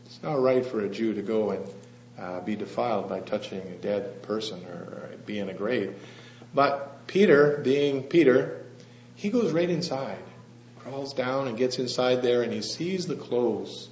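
A man preaching a sermon in a church hall, telling the story gently and asking the congregation questions. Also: mid-range voice, normal speed. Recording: echoey, slightly dull room with faint hum.

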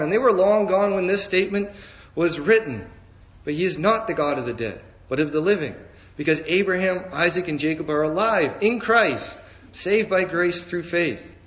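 A man preaching a sermon in a measured, emphatic way, slowing down to stress key phrases. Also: a little high, a bit bright, dull audio.

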